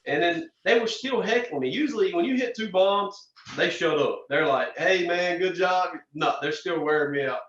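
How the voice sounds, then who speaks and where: A young man, a racer guest telling animated stories in a casual interview. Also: on the high side, moderate pace, hardly any pauses. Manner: animated storyteller, frequent restarts and "man". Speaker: drag racer and podcast guest. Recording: distant, roomy, dull lo-fi sound.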